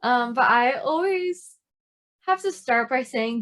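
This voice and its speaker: A woman from the United States co-hosting a podcast in casual chat, relaxed as she reads out listener questions. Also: high voice, slow. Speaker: podcast co-host.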